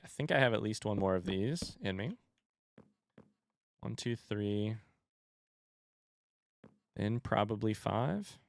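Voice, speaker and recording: A man's voice: lowish voice, animated, slow pace, vocal fry, long pauses. A man streaming a building game, thinking aloud, counting under his breath and trading dry sarcastic jokes with his chat. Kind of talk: casual gameplay commentary.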